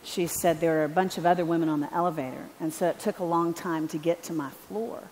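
A woman preaches to a large conference, her voice slightly low and carrying a long reverb from the hall. She tells her story animatedly and slips into the voices of the people she quotes. A faint hum of ambience sits underneath. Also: steady tone, fast, darkish tone. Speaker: conference speaker. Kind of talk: storytelling sermon. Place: large arena. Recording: echoey arena with faint ambience.

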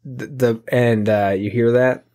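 A man's voice: mid-range voice, fairly even intonation, a little slow, darkish tone. A man in his mid-thirties chatting on a podcast, dropping joking asides and laughing easily. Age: 30s. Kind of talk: casual chat.

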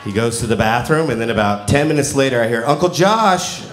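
Stand-up comic, man, forties, animated storyteller, live room with echo and crowd noise. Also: medium pitch, fast talker. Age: 40s. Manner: animated storytelling, acting out quotes. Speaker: stand-up comedian. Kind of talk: stand-up comedy set. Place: comedy venue with a laughing audience. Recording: roomy live venue with audience noise.

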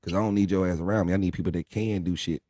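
A young man with a deep, low voice chats on a late-night live stream. He talks bluntly and profanely, preaching at his viewers. His voice sounds dark and close, with no room around it. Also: steady tone, racing, dry recording. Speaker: livestream co-host. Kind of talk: casual live stream chat.

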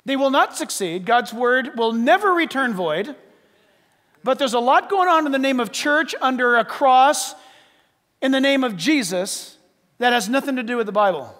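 A man delivers a sermon with a very high voice that leaps around animatedly. He questions the congregation, punches key lines, then drops low for asides. The voice rings with a long hall reverb of a church sanctuary. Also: animated, moderate pace, a bit bright. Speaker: pastor.

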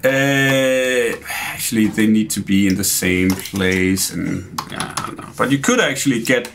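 A man, a game developer, calmly explaining his builds while playing and chatting. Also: fairly low pitch, unhurried. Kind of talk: casual gameplay commentary. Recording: clear background noise.

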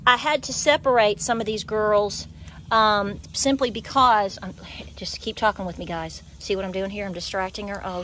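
A woman with an Appalachian accent and a high voice rambles through a casual farm vlog, now and then cooing softly to her goats. She is recorded outdoors on a small farm, with faint animal and rooster sounds in the background. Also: a little hiss or hum. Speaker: homesteader.

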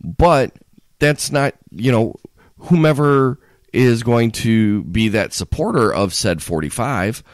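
A man's voice: mid-range voice, slow, dry recording, clean studio sound. A man co-hosting a podcast, rambling in casual chat with many restarts. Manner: rambling, restarts often, animated. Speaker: podcast co-host.

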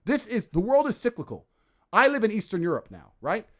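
A man ranting as a podcast guest in a forceful, profane, emphatic way. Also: sits high, big pitch swings, fairly quick. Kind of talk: ranting casual talk.

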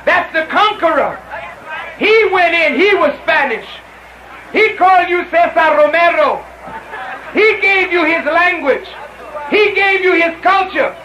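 High, bright-voiced man preaching to a rally. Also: animated, unhurried, a faint crowd, slight background noise. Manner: impassioned, repetitive preaching calls, often shouting. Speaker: minister addressing a rally. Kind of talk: fiery rally speech. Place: outdoor rally through loudspeakers. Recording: echoey lo-fi 1970s rally recording.

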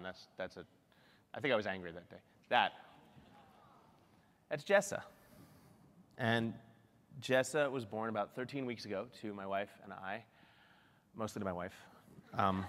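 A middle-aged man giving a lively, self-deprecating keynote talk at a conference. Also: lowish voice, long reverb tail. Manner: animated, self-deprecating storytelling. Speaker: keynote speaker. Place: large conference hall.

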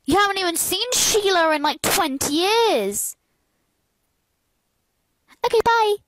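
A woman's voice: extremely high pitch, animated, slow pace, noisy background. A woman narrating a storytime in a sassy, chatty way.

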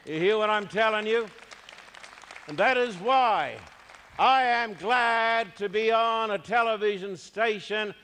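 A man's voice: sits high, fairly bright tone, in a large hall. A man preaching a sermon, emphatic and repeating his key phrases.

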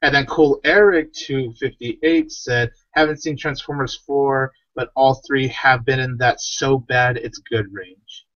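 A man's voice: medium pitch, fairly even intonation, unhurried, hardly any pauses, fairly bright tone, no room sound. A man co-hosting a casual livestream, reading out viewers' questions and chatting. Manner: reads viewer questions aloud. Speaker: livestream co-host. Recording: dull lo-fi stream audio.

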